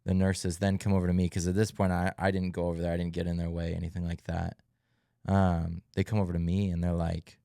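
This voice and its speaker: A young man co-hosting a faith podcast, calmly telling of his child's difficult birth in a reflective, halting way with many fillers. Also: low voice, vocal fry, smooth, no echo, studio quality. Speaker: podcast co-host. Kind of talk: casual testimony chat.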